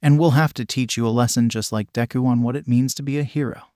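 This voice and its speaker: A man's voice: mid-range voice, fairly even intonation, fast, no echo, studio quality, natural voice. A man reading out the lines of a hot-tempered bullying boy with a sneer in a storybook reading. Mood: taunting. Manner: shouting, sneering.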